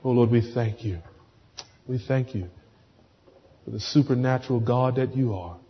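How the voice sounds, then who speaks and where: A man preaching a sermon with fervent, swelling delivery that drops to hushed pleading and prayer. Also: mid-range voice, normal speed, a little hiss or hum. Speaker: pastor. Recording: dull sound with long hall reverb.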